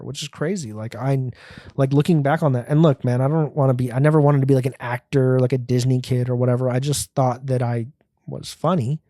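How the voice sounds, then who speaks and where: A male comedian riffs through a casual solo rant, profane and self-mocking as he wanders between stories. His tone is mellow and dark, and the recording is close and dry. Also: medium pitch, dry recording. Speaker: comedian and podcast host.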